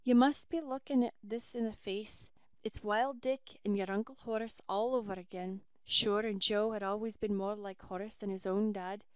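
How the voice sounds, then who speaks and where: A woman voicing a warm old Irish housekeeper, with an Irish accent and homely turns of speech. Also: medium pitch, fairly even intonation, moderate pace, clear, resonant tone, dry recording, lightly acted. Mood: comforting.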